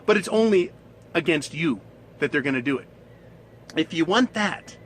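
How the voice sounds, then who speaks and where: A man's voice: on the high side, animated, normal speed, long pauses, slight background noise, low-quality recording. A man ranting in a coarse, scornful monologue, swearing and laughing at his own points. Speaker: commentator.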